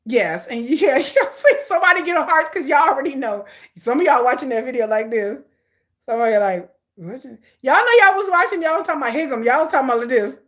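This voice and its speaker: A woman vlogger chats casually with her viewers in a high, bright-sitting voice. Her pitch leaps around constantly as she jokes and breaks into frequent laughter, playful and chatty throughout. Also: animated, fast talker.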